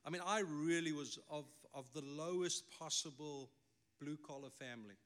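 Bright-voiced South African preacher. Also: male voice, on the high side, normal speed. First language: Afrikaans. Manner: emphatic preaching with wry asides. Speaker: pastor. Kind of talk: sermon.

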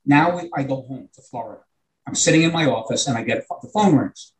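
Speaking quickly and with lots of animation, a retired teacher, an older New York man, spins a long, earnest story in conversation. His pitch is medium, and the audio quality is poor.

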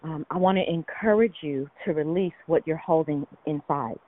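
A woman's voice: low-pitched, moderate pace, no echo. A woman leading a prayer call, out of breath, speaking in an emphatic, encouraging way. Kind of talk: spirited prayer ministry on a call. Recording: tinny phone line.

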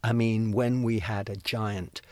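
A man's voice: fairly low pitch, steady tone, measured pace, a little mellow, no room sound. A man in an interview, recalling past events in a rambling way with fillers and restarts. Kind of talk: conversational recollection.

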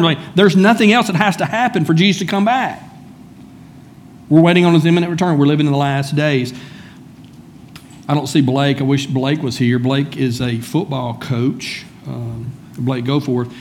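A man's voice: a little high, slight background noise. Man preaching a casual sermon. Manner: conversational preaching, calls on listeners by name. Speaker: pastor.

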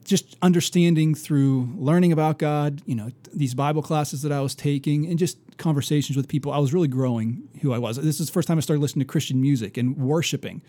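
A man co-hosting a casual faith podcast, telling a story earnestly with many restarts and soft, trailing asides. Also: fairly high pitch, fast, few pauses, no room sound. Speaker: podcast co-host.

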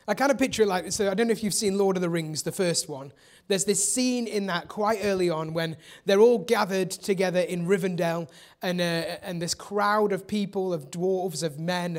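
A man preaching a sermon as pastor, telling the story conversationally and often dropping into a soft hush. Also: sits high. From England.

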